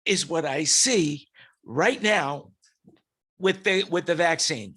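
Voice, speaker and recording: A man's voice: a little high, normal speed, a bit bright. Man telling crude jokes. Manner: tells crude jokes with relish. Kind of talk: casual panel chat.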